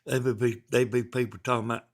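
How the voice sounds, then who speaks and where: Speaking a little fast in a flat, mid-range voice, a livestream host from Georgia chats casually with a Southern accent. He rambles in a folksy way while reading out comments from viewers.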